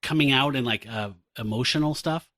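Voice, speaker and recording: A man's voice: medium pitch, a little fast, no room sound, studio quality. A man who is a guest on a podcast, chatting casually with wry, profane humor. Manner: animated, wry, swears casually. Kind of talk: casual chat.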